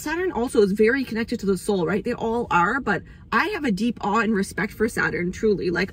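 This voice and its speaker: A woman's voice: fairly high pitch, animated, a little fast, hardly any pauses, fairly bright tone, a little hiss or hum. A young woman hosting an astrology channel, rambling in a casual spiritual monologue, swearing freely, and getting emotional at times.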